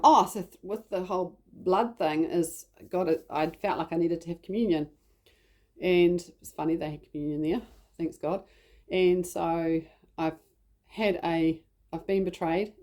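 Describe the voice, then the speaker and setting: A woman's voice: lowish voice, warm tone. A woman with a New Zealand accent telling a personal story in a chatty, rambling way. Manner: chatty, rambling, heavy use of "like". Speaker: vlogger.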